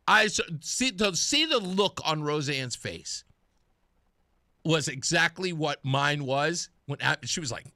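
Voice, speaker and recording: Middle-aged male radio host, chatty storyteller, bright and animated, dry studio sound. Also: on the high side, moderate pace, dry recording. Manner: chatty storyteller, laughs at himself. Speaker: radio talk show host. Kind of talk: casual radio monologue.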